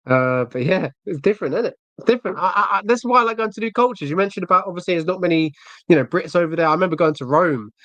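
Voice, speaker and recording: Fast-talking southern English man, dry sound. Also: high-pitched, animated, a bit bright, no room sound. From England. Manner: rambling, chatty, many fillers. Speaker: podcast guest. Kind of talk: casual podcast chat.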